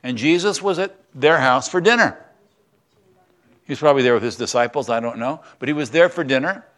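Older pastor, chatty teaching sermon. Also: male voice, medium pitch, a little fast, fairly bright tone. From United States. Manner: conversational teaching, asks the congregation questions.

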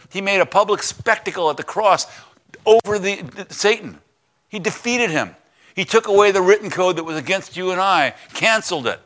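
A male pastor preaching a sermon, retelling a story in lively plain words, swinging from loud exclamations to hushed emphasis. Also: high-pitched.

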